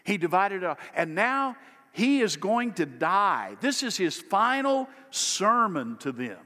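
A man preaching a sermon, delivering it emphatically and rising louder on key phrases. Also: high voice, sing-song, unhurried, long reverb tail. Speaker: pastor.

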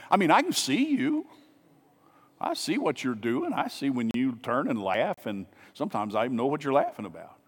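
In a church sanctuary, a male pastor preaches in a relaxed, conversational style, posing rhetorical questions and tossing asides to his congregation. His voice is a bit high and husky, resonating in a large hall.

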